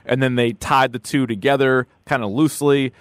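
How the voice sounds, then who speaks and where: A man in casual podcast chat, co-hosting and reading listener questions aloud. His voice sits at an ordinary middle pitch and sounds close and dry, with no room around it. He talks in an animated way and mocks movie lines in put-on voices. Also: moderate pace, clean tone, no room sound.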